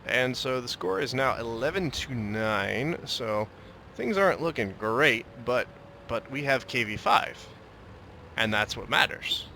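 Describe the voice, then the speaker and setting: A man's voice: mid-range voice, creaky, pushed and bright, slight background noise. A young man casually commenting on his own tank battle, joking and slipping into a mock Russian way of talking. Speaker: gameplay commentator.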